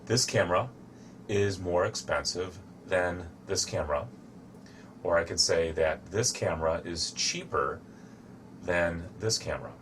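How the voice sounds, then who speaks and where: Slow, deep-voiced man teaching English. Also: fairly bright tone, a little hiss or hum. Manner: shows objects to camera while explaining. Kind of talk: slow, deliberate teaching explanation.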